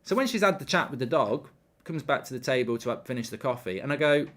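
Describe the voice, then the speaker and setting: A man's voice: mid-range voice, lively intonation, fast talker, fairly bright tone. A man hosting a live football watchalong, ranting animatedly and swearing freely while telling an anecdote. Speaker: host.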